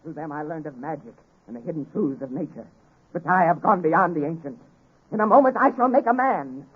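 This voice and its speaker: A man playing an obsessed, grandiose young scientist in a 1930s radio drama, with theatrical swings from hushed to exultant delivery. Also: a little high, lively intonation, a little fast, slightly rough. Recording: tinny old radio recording with hiss.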